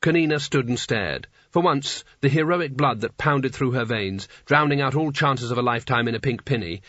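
A man doing scripted audiobook narration in a measured, wry storytelling manner. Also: medium pitch, fairly bright tone, no room sound. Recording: dry, slightly dull audiobook recording.

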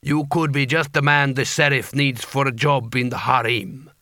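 A man voicing a menacing male slaver leader who drawls slowly and mockingly. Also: mid-range voice, fairly even intonation, pushed and bright, dry recording, studio quality, close to an everyday voice.

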